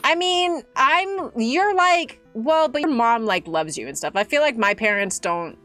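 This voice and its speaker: Streamer, woman, twenties, bright lively voice, soft music underneath. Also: a little high, a little slow. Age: 20s. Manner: chatty, animated, laughs often. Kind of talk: casual gaming chat.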